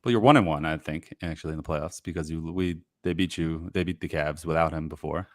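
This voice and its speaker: A man's voice: a bass voice, a little fast, no room sound, clean studio sound. A man guest on a podcast, chatting casually over a remote call and laughing easily. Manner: animated, rambling, laughs easily. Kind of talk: casual chat.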